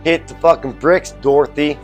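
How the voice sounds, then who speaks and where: A man's voice: fairly high pitch, fairly even intonation, moderate pace, faint music behind, voice pushed up, close to an everyday voice. A man putting on a blustering, foul-mouthed club worker. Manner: cocky, profane, bluffing. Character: blustering tough-talking male strip club worker.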